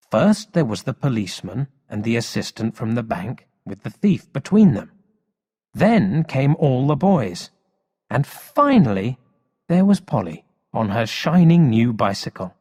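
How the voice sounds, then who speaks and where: A man reads a storybook aloud in a slow, careful pace meant for learners, with his pitch rising and falling in a lively way. A long hall reverb hangs behind every sentence. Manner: slow, expressive storybook reading. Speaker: story reader. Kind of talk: slow read-aloud narration for English learners.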